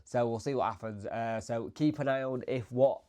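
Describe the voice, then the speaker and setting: A man with a bunged-up, congested voice, feeling unwell and talking casually as the host of a football fan channel, chatty and rambling and trailing off quieter. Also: mid-range voice, moderate pace. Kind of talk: casual solo video commentary.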